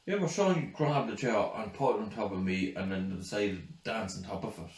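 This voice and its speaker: A man's voice: lowish voice, a little fast. A young man co-hosting a podcast, laid-back and sweary in casual chat. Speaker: podcast co-host. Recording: roomy, distant mic.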